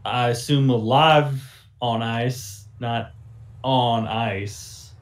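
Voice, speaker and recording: A man's voice: medium pitch, steady tone, very slow. A man voicing a wary middle-aged male gang member who rambles in a folksy drawl. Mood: uneasy.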